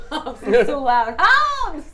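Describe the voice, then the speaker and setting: A woman playing a tabletop game, giggly and animated. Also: high voice, normal speed. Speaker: player. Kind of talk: casual tabletop play.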